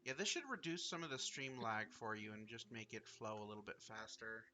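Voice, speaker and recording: A man streaming a game live, chatting casually in an excitable, rambling way, with frequent swearing and fillers. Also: lowish voice, brisk.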